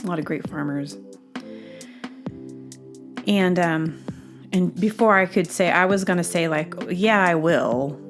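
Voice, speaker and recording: A woman's voice: lowish voice, a little slow, long pauses, faint music behind. Chatty woman host telling a story. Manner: chatty, rambling, many fillers and restarts; acts out quoted dialogue with bursts of excited laughter. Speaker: podcast host. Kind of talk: casual storytelling monologue.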